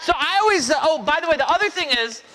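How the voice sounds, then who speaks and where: A man's voice: very high-pitched, animated, quick pace, pushed and bright, a little hiss or hum. A man performing as a children's magician, playfully joking with and rousing a live audience of kids. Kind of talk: live kids' magic show patter.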